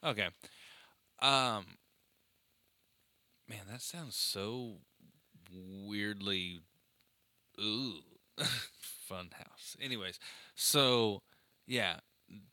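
A man chatting casually, telling funny stories in an animated way and laughing often. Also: on the low side, extremely slow, long pauses, dry recording. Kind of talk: casual chat.

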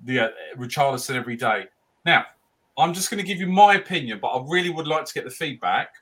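Bright-voiced blunt man. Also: fairly high pitch, expressive, fast talker. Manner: blunt, rambling, stammers and restarts. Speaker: podcast panelist. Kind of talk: casual chat.

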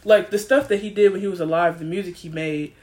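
A young woman guest on a podcast, talking in an emphatic, animated, slangy way. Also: lowish voice, fast. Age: young adult. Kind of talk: casual podcast chat.

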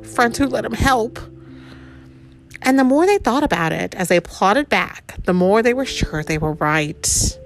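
A woman reading a picture book aloud to a child, with chatty asides about the pictures. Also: mid-range voice.

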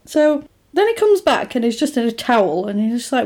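A woman's voice: a little high, brisk. Woman animatedly retelling a story. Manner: animated storytelling, acting out characters' lines. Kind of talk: casual chat, recapping a film.

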